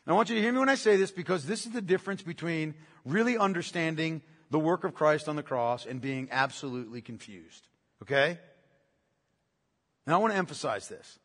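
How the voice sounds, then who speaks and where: A man's voice: fairly high pitch, lively intonation, brisk, a bit bright, in a large hall. A man preaching a sermon as pastor, emphatic, repeating key phrases and asking rhetorical questions.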